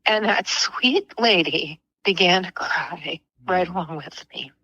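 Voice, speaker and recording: A middle-aged woman speaks with a bright, clear tone as a podcast guest. She unfolds an emotional personal story at an unhurried, deliberate pace. At tender moments her voice sinks to a whisper, and the sound stays close and dry. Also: fairly low pitch, no room sound, rough recording. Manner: slow and earnest, dropping to a whisper at tender moments.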